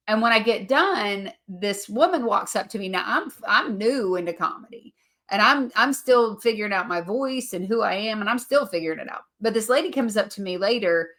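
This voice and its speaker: A woman's voice: mid-range voice, sharp tone. A woman hosting a podcast, telling her story earnestly with many fillers and restarts. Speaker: podcast host. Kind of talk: casual podcast chat.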